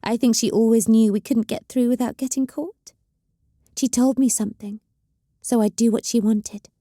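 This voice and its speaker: This woman's natural-sounding but pushed-up voice is fairly high and steady as she plays a bitter, menacing young female psyker cultist. The character is volatile, hissing and snarling and shouting in anger at a moderate pace. Studio quality, no echo.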